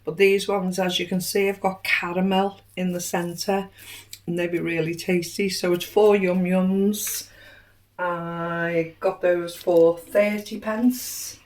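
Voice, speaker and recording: A woman's voice: fairly low pitch, little pitch movement, slow, darkish tone. A middle-aged woman chatting casually through a grocery haul, cheerfully tallying prices and savings. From United Kingdom. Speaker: vlogger. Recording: roomy echo, distant mic, faint noise.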